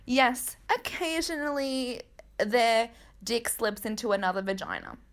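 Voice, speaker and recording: A woman hosting a casual gossip commentary, candid and joking, with quick asides. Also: fairly high pitch, sing-song. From Australia. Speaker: podcast host.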